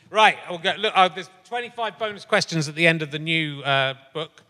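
A man's voice: sits high, slow, long pauses, sharp tone. A middle-aged man hosting a live comedy podcast in front of an audience, chatting in a bawdy, joking way and laughing often. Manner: jokey, bawdy, laughs a lot. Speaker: podcast host. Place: large live venue on stage. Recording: long hall reverb from a live venue.

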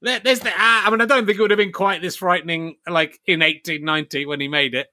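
A man's voice: a little high, fairly even intonation, quick pace, pushed and bright, dry recording, studio quality. A man from Yorkshire, England, hosting a podcast in a chatty, self-mocking way. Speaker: podcast host. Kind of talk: casual podcast chat.

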